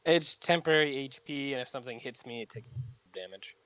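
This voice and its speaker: A man playing a tabletop game, animated and jokey in casual talk. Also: mid-range voice, fairly quick, smooth, rough recording. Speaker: player.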